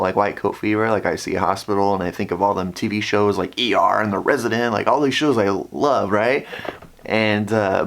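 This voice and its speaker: Brief: lower-pitched man in his thirties, vlogger, chatty storytelling to camera with lively quoted voices. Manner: animated, acts out quoted voices. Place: indoor room with ring light.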